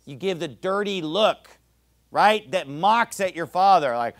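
A man's voice: a little high, normal speed, pushed and bright. A middle-aged man preaching a sermon, reading scripture and driving his points home with rising emphasis.

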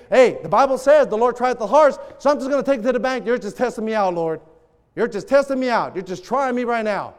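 Guy preaching, really high voice, lots of reverb from the hall, gets animated. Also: fast. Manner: animated preaching, acting out quoted prayers. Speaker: pastor. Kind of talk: sermon.

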